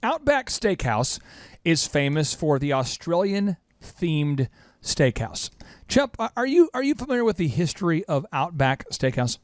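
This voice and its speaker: A man hosting a business podcast in an emphatic, punchy way, his voice sitting high and leaping around. He keeps firing questions at his cohost. The sound is dry and close. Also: big pitch swings, a little slow, dry recording. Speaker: podcast host. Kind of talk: energetic business podcast talk.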